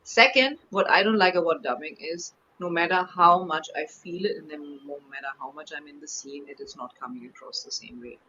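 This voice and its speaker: A woman with a German accent talks as an interview guest, her voice bright and forward. She tells her stories in a chatty, animated way, often restarting her sentences. The sound is slightly dull and lo-fi, with faint noise behind her. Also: low voice, a little fast, hardly any pauses. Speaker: actress guest. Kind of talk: casual interview chat.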